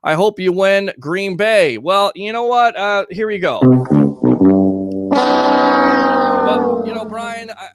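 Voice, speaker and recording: High-voiced energetic sports talk host. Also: male voice, no room sound, studio quality. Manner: energetic, emphatic, reads fan comments aloud. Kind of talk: live call-in sports show, reading chat comments.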